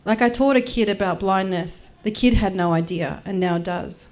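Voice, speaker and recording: Performing live in a small venue, this Australian woman in her twenties delivers brash, jokey stand-up and spoken word. She speaks at normal speed in a mid-range voice with a darkish tone, acting out those she quotes.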